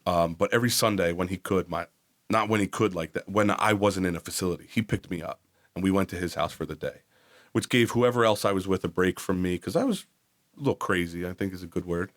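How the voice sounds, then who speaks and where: Lower-pitched man telling his story bluntly. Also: fast talker. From New Jersey. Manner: blunt, profane, acts out quoted voices. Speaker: podcast guest. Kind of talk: candid personal storytelling.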